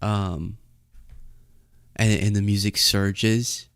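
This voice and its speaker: A young man hosts a casual commentary podcast, rambling as he improvises a comic bit. His voice is smooth and clear, recorded close on a dry mic, and his pitch jumps around as he riffs. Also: little pitch movement, drawn-out words, fairly bright tone, no room sound. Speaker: host.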